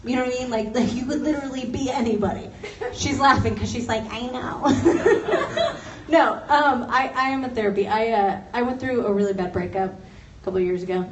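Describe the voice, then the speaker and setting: A young Los Angeles woman with a high-leaning voice talks fast through a stand-up set, chatty and self-mocking, laughing as she goes. She's a comic performing in an office converted into a comedy venue. The recording picks her up from a distant mic in a roomy, noisy office space.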